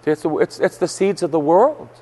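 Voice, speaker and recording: A male Catholic priest preaching a sermon, telling stories emphatically and rising to forceful outbursts. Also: on the high side, big pitch swings, normal speed. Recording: long church hall reverb.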